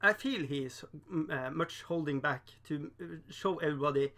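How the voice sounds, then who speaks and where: Here a man paints miniatures on a livestream, chatting casually, rambling, laughing often and reading the chat aloud. He speaks at normal speed in a slightly high, somewhat bright voice.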